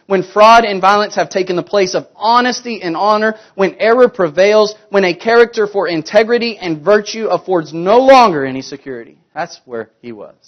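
A man preaching a sermon, asking rhetorical questions and swinging between emphatic, louder passages and hushed, quiet ones. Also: high-pitched, dull audio.

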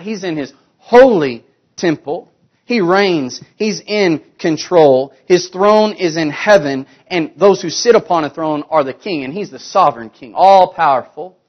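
A man with a high voice preaches a sermon, pressing his listeners with rhetorical questions. He swings from emphatic, louder passages down to hushed, low ones. The recording sounds dull and lo-fi.

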